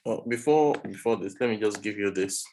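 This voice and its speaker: A man's voice: lowish voice, fairly quick, a little mellow, slight background noise, poor audio. A man teaching pronunciation in a one-on-one online lesson, patiently modelling sounds for the student to repeat.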